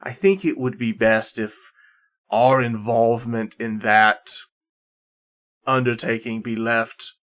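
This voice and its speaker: A man's voice: medium pitch, takes it slowly, fairly bright tone. A man voicing an evasive male scholar who speaks hesitantly.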